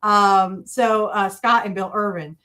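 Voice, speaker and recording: Female podcast host, chatty and rambling, filler-heavy, mid-pitched. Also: fairly even intonation, takes it slowly, sharp tone. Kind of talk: casual podcast talk.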